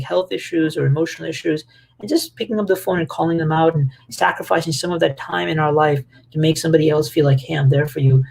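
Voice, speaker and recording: Man, slightly high gravelly voice, casual animated group talk. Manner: animated, with many fillers and acted quotes. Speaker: speaker leading a weekly talk on relationships.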